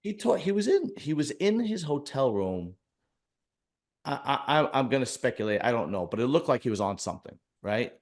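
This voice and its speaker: A man's voice: mid-range voice, big pitch swings, moderate pace. A man hosting a podcast in casual chat, rambling and blunt with many restarts. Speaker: podcast host.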